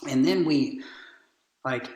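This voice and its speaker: A man's voice: mid-range voice, slow. A man telling a family story in earnest, casual conversation, acting out the people he quotes. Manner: earnest storytelling, animated retellings. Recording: roomy echo.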